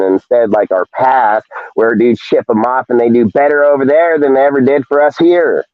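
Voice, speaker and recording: A man's voice: medium pitch, fairly even intonation, dry recording. A man hosting a live fan show, ranting heatedly and swearing constantly. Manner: heated, profane, rapid rants. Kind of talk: ranting live-stream talk. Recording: dull lo-fi stream audio.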